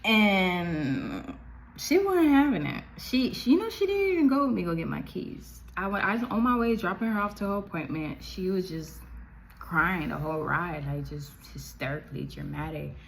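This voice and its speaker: Lively, low-voiced young woman telling a story. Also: normal speed, gravelly, low-quality recording. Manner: animated, chatty, full of fillers. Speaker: vlogger. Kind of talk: casual storytime.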